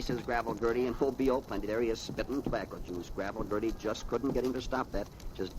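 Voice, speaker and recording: A middle-aged mayor reads comic strips aloud to children on the radio, chatting and chuckling as he wanders into rambling asides. His mid-range voice moves quickly with few pauses. The rough, hissy audio comes from a 1930s radio archive.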